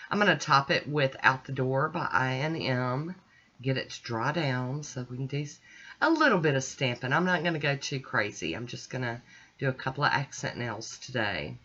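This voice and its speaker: A middle-aged woman hosting a nail art channel, calmly talking through each step of her manicure in a relaxed, chatty way. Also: rumbling low, normal speed, slightly rough. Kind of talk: casual tutorial narration. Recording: dull lo-fi sound.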